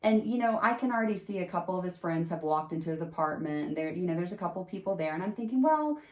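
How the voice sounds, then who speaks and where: Host, female, lower voice, lively storyteller, roomy sound. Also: quick pace. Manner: animated, jumps into high pitch acting out quotes. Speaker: podcast host telling a personal story. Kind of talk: casual storytelling.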